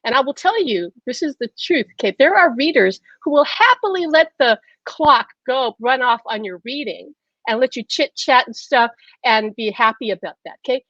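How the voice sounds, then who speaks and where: A woman hosting a show, telling a personal story in an animated way, laughing often and acting out conversations in quotes. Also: sits high, moderate pace, no room sound, highs cut off. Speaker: host.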